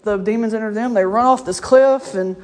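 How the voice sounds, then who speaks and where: A woman's voice: on the high side, a little fast, darkish tone. A woman preaching a casual, story-filled sermon. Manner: conversational storytelling, laughs often. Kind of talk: informal sermon.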